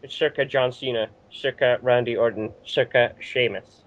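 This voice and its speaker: A British man hosting a casual wrestling recap chat, animated and often laughing as he acts out quotes. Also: mid-range voice, normal speed. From Britain. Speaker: show host. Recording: dull lo-fi audio.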